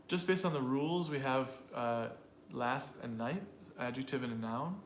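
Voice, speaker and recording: A man co-hosting an English pronunciation lesson, repeating example phrases slowly and explaining word stress in a relaxed way. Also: medium pitch. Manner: slow, drawn-out repetition of example phrases. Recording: roomy with faint noise.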